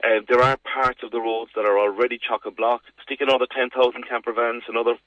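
A man's voice: medium pitch, fast talker, no echo, lo-fi sound. A man with a Cork Irish accent, chatting on the radio and telling jokey stories as a guest presenter. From Ireland. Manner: chatty storyteller, jokey, animated. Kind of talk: casual radio chat.

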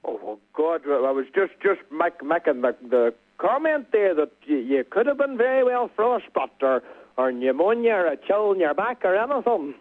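A man's voice: high-pitched, sing-song, normal speed. An eighteen-year-old man with a Donegal accent, rambling with local expressions as a radio interview guest. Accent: Donegal Irish. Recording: tinny phone line.

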